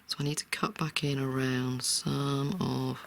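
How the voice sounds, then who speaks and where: An art tutor talking through a real-time drawing tutorial in a soft, often half-whispered, reassuring way. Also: medium pitch, flat delivery, measured pace, vocal fry.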